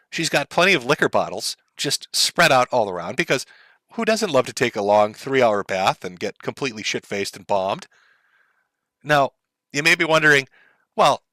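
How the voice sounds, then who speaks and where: A man's voice: mid-range voice, big pitch swings, moderate pace, sharp tone, no room sound. A middle-aged man giving sarcastic, mocking commentary on a live stream for his chat.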